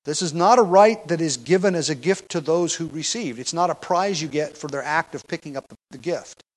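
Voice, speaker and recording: A middle-aged man preaches through a Bible passage in a conversational teaching voice that sits a little high for a man. He presses hard on key phrases, then eases back into plain explanation with the odd filler and restart. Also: brisk, poor audio. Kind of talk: expository sermon.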